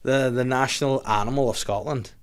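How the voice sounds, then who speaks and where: A man in his young adult years hosts a casual podcast, talking in a loose, rambling way. His voice sits at an everyday middle pitch, and he keeps slipping in jokes and teasing asides. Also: steady tone, fairly quick, clear, resonant tone. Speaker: podcast host.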